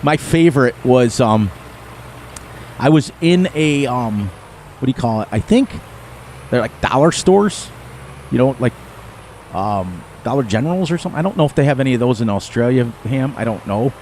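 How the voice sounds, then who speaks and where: A man's voice: mid-range voice, expressive, normal speed, pauses often, a little mellow, slight background noise. A middle-aged man chatting to his viewers during a live game stream. He rambles in a folksy way and laughs often. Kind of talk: casual rambling chat to viewers.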